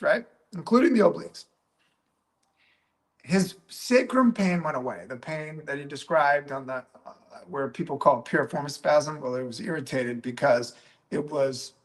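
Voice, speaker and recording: Animated high-voiced male clinician. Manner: animated, peppers talk with "right?" and "okay?"; acts out his own past remarks. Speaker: physical therapist and clinic coach. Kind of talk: teaching through a patient story.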